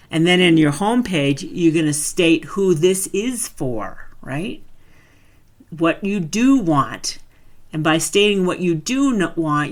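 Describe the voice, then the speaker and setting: A woman talks through a branding lesson in a casual webinar. Her delivery is loose and chatty, as if she is thinking aloud. She turns direct and emphatic when she is coaching. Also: sits low.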